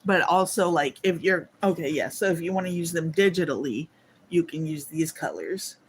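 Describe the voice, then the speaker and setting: A woman's voice: deep voice, normal speed, slight background noise. A woman hosting a casual livestream, chatty and yawning, talking to viewers into a phone on a holder indoors. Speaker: livestream host.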